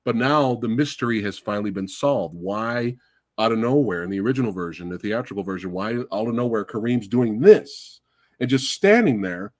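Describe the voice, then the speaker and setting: Excitable man hosting a movie podcast. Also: on the low side, moderate pace, dry recording, clean studio sound. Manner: excitable, gushing, swears freely. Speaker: podcast host. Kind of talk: casual movie review chat.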